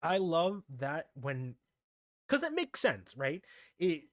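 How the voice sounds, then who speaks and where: A man's voice: fairly high pitch, big pitch swings, slow, no room sound, studio quality. A man talking casually as he recaps an anime episode in a rambling way, often tagging "right?" onto his sentences. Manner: rambling, keeps adding "right?" and restarts. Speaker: anime commentary host.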